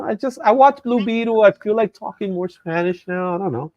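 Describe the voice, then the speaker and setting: A man's voice: sits high, brisk, darkish tone, no echo, lo-fi sound. A man hosting a comic book show in a loose, joking chat, with easy laughs. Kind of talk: casual chat.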